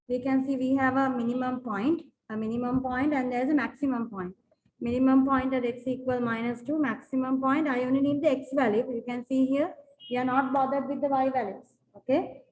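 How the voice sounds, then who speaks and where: A maths teacher explains graphs to a classroom, often checking whether the students follow, with many repetitions, fillers, and restarts. Her voice sits high and is a little mellow. A little hiss or hum runs through the low-quality recording.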